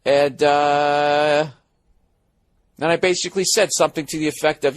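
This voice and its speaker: A man's voice: on the high side, fairly even intonation, moderate pace, a little hiss or hum. A middle-aged man hosting a podcast, rambling through a comic monologue in a profane, sarcastic, ranting way. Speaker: podcast host.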